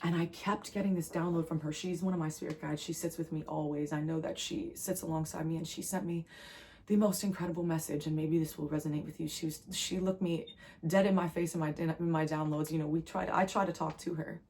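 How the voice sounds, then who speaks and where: A woman's voice: low voice, steady tone, brisk, darkish tone, slight background noise, poor audio. A young woman from New Jersey giving an earnest, emotional spiritual channeling reading as a tarot reader. She rambles, restarts and circles back on her words.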